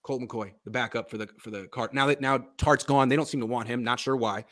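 A man's voice: mid-range voice, steady tone, brisk, a bit bright. A man hosting a casual sports podcast, animatedly breaking down football film and chatting with his father. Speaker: podcast host.

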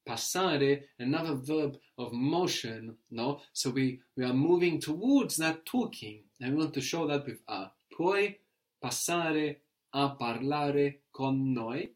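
A man's voice: a little high, animated. Patient male language teacher. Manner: patient, prompting questions, slows to model phrases. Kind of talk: guided language lesson.

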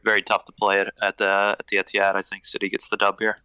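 Podcast guest, young man, bright, flat delivery, dry close sound. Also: fairly low pitch, quick pace, clean tone, no echo, poor audio. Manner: short, confident predictions. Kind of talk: casual football podcast chat.

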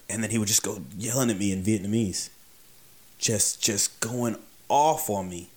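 A man's voice: fairly low pitch, normal speed, pauses often, darkish tone. A man telling a casual personal anecdote in a conversational, wry way, repeating words for emphasis. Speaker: storyteller.

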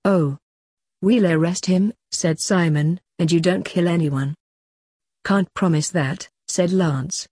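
A woman's voice: lowish voice, slow, dark tone, breathy edge, no echo, clean studio sound. A woman reading a fantasy story aloud, voicing every part plainly in her own voice. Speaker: narrator. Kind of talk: storybook reading with character dialogue.

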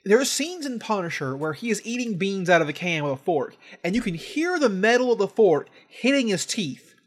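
A young man co-hosting a podcast, animated and mock-outraged, swearing freely in casual chat. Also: high-pitched, fairly quick. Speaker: podcast co-host.

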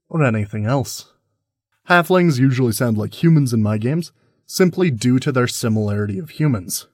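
A man's voice: medium pitch, animated, moderate pace, a little mellow, dry recording, studio quality. A man hosting a podcast, explaining a topic in a friendly, step-by-step way. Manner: friendly, explains in plain steps. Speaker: podcast host.

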